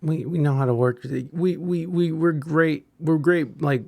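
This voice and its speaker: A man with a gravelly, fry-edged voice hosting a relaxed podcast conversation. He talks in halting bursts, restarting sentences often. The sound is dry and close, with no room around it. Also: a little high, no room sound. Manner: halting, frequent restarts and fillers. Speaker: podcast host. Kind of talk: casual podcast chat.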